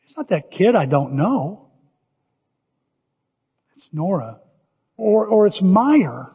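Older male pastor, high-pitched and husky, animated storyteller, lo-fi recording in a reverberant hall. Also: takes it slowly. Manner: animated storytelling, shouting cheers in quotes. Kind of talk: sermon. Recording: dull lo-fi audio with long hall reverb.

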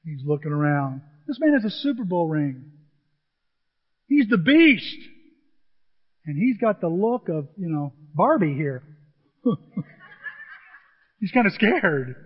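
A man telling a humorous story to an audience in an animated, chatty way, often repeating himself. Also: a little high, measured pace, pauses often, husky. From grew up on a farm. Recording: dull, with long hall reverb.

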